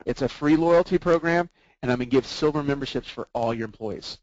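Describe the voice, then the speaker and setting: A man leading a sales training webinar, often checking in with his listeners through quick rhetorical questions. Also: mid-range voice, dry recording, highs cut off.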